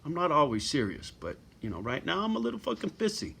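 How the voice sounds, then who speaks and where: A man's voice: a little high, huge pitch swings, quick pace, vocal fry, bright, forceful tone, a little hiss or hum. A middle-aged man ranting bluntly to his viewers in a profane, surly home vlog. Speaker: vlogger. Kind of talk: profane rant to camera.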